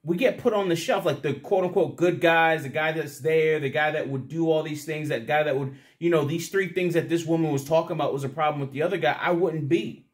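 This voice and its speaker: A man's voice: on the high side, brisk. A young man rambling casually to the camera, crude and profane, often laughing at his own stories. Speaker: vlogger.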